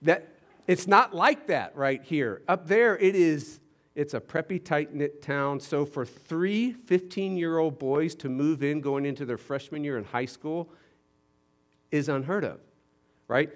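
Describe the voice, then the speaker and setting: A middle-aged man from Houston, Texas, telling a story in a sermon as senior pastor, animated and shifting between loud emphasis and quiet asides. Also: fairly high pitch, measured pace.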